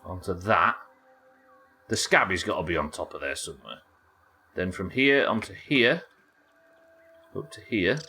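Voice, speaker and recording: A young man with a broad Yorkshire accent, commenting on his gameplay to a live chat. His voice sits low but moves a lot in pitch, and he drifts between muttered asides and livelier chatter, swearing casually. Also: lively intonation, unhurried, pauses often, pushed and bright, breathy edge. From Yorkshire, England. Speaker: livestreamer.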